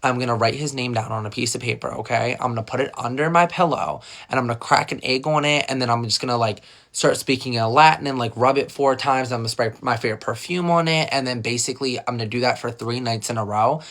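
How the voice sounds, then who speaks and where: A man voicing a young woman coworker who quietly lays out her plan for a love spell in a low, conspiratorial tone. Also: fast talker, lightly acted. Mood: secretive.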